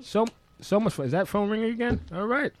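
A man hosting a talk show, excitable and effusive, laughing often. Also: high-pitched, a little fast, a crowd in the background. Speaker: radio show host. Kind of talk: casual talk radio.

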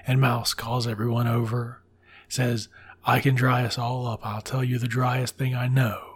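A man with a husky, slightly breathy voice sits at a middle pitch and retells a story like he's talking to friends. He swears casually and breaks off for offhand remarks. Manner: irreverent, swears freely, drops asides. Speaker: podcast host.

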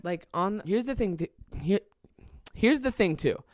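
A man's voice: sits high, expressive, measured pace, no echo, studio quality. A young man telling a comedic story on a podcast, rambling and swearing, laughing as he goes. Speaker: podcast host.

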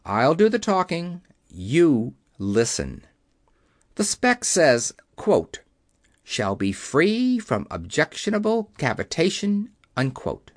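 A man doing a calm commanding engineer chief. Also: on the high side, slow, no room sound, studio quality, full character voice. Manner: quiet, cutting, authoritative.

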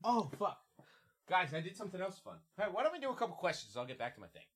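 Animated young man, laughing as he talks. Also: high voice, fast talker, husky. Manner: laughs through his stories, swears a lot. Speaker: podcast co-host. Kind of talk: casual chat.

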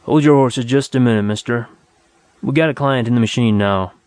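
A man's voice: medium pitch, a little fast, darkish tone, no echo, close to an everyday voice. A man voicing a lazy, sly young clerk in a storybook reading, talking in a casual, offhand drawl.

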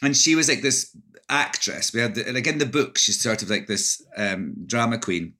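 A man's voice: mid-range voice, lively intonation, normal speed, pushed and bright. A Scottish man, an actor and author, talking in an interview, thoughtful, with many restarts and hesitations. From Scotland. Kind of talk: interview conversation.

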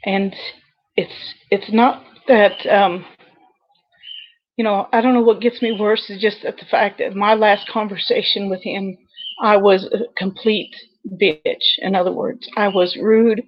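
A woman dispatcher telling a personal story over a video call, earnest and halting with many pauses. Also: mid-range voice, fairly even intonation, dull audio. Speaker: 911 dispatcher guest.

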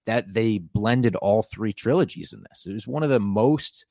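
A man with a very low voice walks through an episode scene by scene, keen and chatty. The sound is dry and close, with no room behind it. He slips into quick quoted lines as he retells it. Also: animated, dark tone, no room sound. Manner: enthusiastic, narrates scenes with acted quotes. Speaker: podcast co-host. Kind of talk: casual episode recap.

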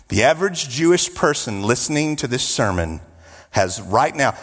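A man preaching a sermon, emphatic, with drawn-out repetitions and joking asides. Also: medium pitch, husky, in a large hall.

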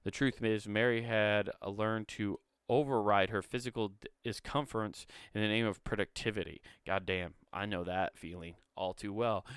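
A man's voice: lowish voice, fairly bright tone, clean tone, dry recording, clean studio sound. A man casually reading an article aloud and breaking off to ramble, swear and make sarcastic asides. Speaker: video host.

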